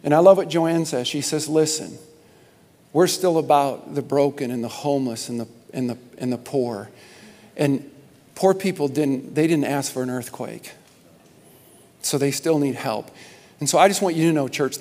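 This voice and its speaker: A man preaching as pastor to his congregation, impassioned, repeating words and rising to loud emphasis. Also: on the high side, normal speed. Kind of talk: sermon announcements to a congregation. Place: large church sanctuary. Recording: long hall reverb.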